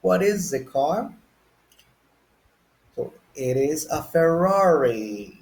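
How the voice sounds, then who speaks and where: A male English teacher leads a beginner lesson, with a voice pitched a little above the usual for a man. He talks at a very unhurried pace and keeps stopping to quiz his learners and get them to repeat words. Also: lively intonation, darkish tone, low-quality recording. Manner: slow, patient, asks learners to guess and repeat.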